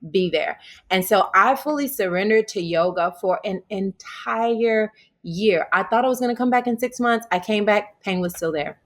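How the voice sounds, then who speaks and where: A woman's voice: medium pitch, moderate pace. A woman from Tennessee with a Southern accent, a guest telling her life story in an interview, acting out what people said with laughs. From Humboldt, Tennessee, US. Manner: animated, acts out quotes with laughter.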